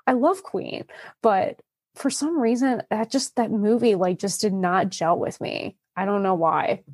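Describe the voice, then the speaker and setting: A woman's voice: mid-range voice, a little slow. A woman in her thirties from Northern Virginia chats casually and laughs often. Her talk is full of "like". The sound is close and dry, with no room echo. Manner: chatty, laughs often, many "like" fillers. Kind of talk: casual chat.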